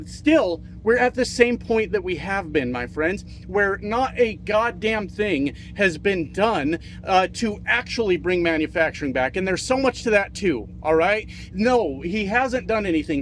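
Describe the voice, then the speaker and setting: A man's voice: sits high, expressive, moderate pace, hardly any pauses, fairly bright tone, a little hiss or hum. A man giving a profane, heated political rant as a trucking video creator, repeating himself for emphasis. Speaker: trucking YouTuber.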